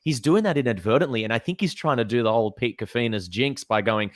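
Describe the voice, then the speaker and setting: A man co-hosting a football podcast, chatting casually and acting out quotes with animated storytelling. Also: medium pitch, quick pace, hardly any pauses, no room sound, studio quality. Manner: animated storytelling, acts out quotes, laughs mid-sentence. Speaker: podcast co-host.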